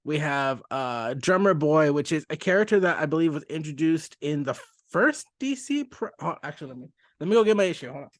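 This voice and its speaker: A chatty man walks through a comic page by page, often breaking off mid-sentence and laughing along the way. His voice sits a little high. The sound is dry and close, with no room echo. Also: animated. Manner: chatty, self-interrupting, quick to laugh. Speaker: comic book podcast host. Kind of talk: casual comic review.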